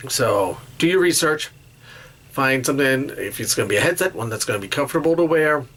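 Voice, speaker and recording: Halting man giving tips. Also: mid-range voice, animated, fairly bright tone. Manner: halting, restarts phrases, pauses often. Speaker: podcast host. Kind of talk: casual solo talk with tips.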